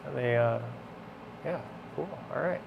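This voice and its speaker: A man with a mid-range, gravelly voice speaks a little slowly, his highs cut off against a noisy background. He's a vlogger restoring tools, chatting casually to camera from a guitar shop while he works, rambling along with muttered asides.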